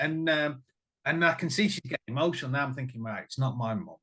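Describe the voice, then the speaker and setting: A middle-aged man, a musician chatting casually and telling animated, swearing stories full of acted-out voices. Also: mid-range voice, fast. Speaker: band musician, guest. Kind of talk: casual chat.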